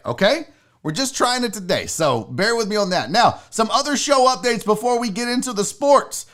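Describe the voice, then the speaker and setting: A man's voice: high voice, fairly bright tone. A man hosting a live show in casual, rambling talk, joking and swearing and talking straight to his chat. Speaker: live show host and comedian.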